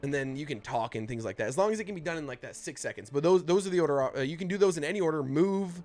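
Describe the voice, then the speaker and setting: Brief: man, slightly high voice, laid-back game master who stumbles over words, faint music behind. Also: expressive, a little mellow. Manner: casual, halting, full of uh and restarts, calls players bro. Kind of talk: narrating and explaining a tabletop game.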